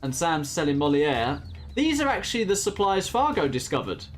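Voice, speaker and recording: A man casts a strategy game match in a chatty manner, often laughing. His voice sits fairly high and moves a lot. Faint music plays under the commentary. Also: sing-song, normal speed. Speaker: game caster. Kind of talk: casual esports commentary.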